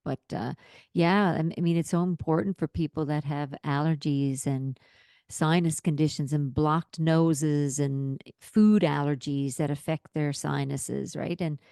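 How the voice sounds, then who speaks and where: A woman in her fifties co-hosting a casual podcast, chatty and lively as she tells stories. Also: low-pitched, measured pace, vocal fry, smooth, no echo, clean studio sound. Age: 50s. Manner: chatty, warm storyteller, acts out quotes. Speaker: podcast co-host.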